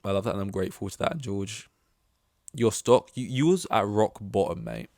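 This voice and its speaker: A young man with a fairly low voice rattles through casual podcast commentary, excitable and swearing freely. He slips into quoted voices as he goes. The sound is dry and close, with no room around it. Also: moderate pace, vocal fry, no echo. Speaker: podcast host.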